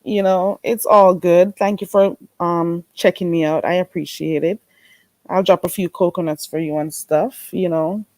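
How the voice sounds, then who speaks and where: A woman hosting a casual livestream, greeting viewers in a playful, animated way and laughing often. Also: fairly low pitch, normal speed, dry recording. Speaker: livestream host.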